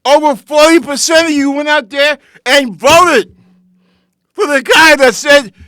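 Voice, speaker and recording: A man's voice: very high-pitched, measured pace, pushed and bright, dry recording. A man hosting his own show, giving an impassioned, confrontational political commentary that speaks straight to his listeners. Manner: lecturing, confrontational, addresses listeners directly.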